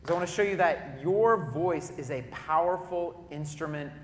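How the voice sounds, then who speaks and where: A man preaching a sermon to a congregation in a church auditorium, telling lively stories and turning to the crowd with asides. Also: fairly high pitch, normal speed, slight background noise. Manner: lively storytelling with audience asides, loud bursts when acting out cheering. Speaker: pastor. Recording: echoey hall.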